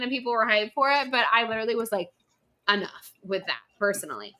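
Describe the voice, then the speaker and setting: Bright, emphatic young woman ranting. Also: mid-range voice, fast. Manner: emphatic, animated, swears freely. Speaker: podcast co-host. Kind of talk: casual ranting chat.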